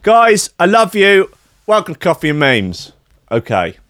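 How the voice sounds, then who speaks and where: A man hosting a loose, jokey chat show. His voice swings widely in pitch as he rambles, swears and makes sarcastic asides, and it sounds close and dry with no room in it. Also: wildly swooping pitch, measured pace, a bit bright, dry recording. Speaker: host. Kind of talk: casual comedic chat.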